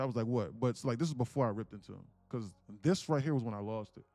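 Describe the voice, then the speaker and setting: A young man livestreaming, telling a family story in a blunt, animated rant and saying "bro" constantly. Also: mid-range voice, quick pace, dry recording, faint music behind. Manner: blunt, repeats "bro" constantly, grows louder and more insistent. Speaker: livestream day trader.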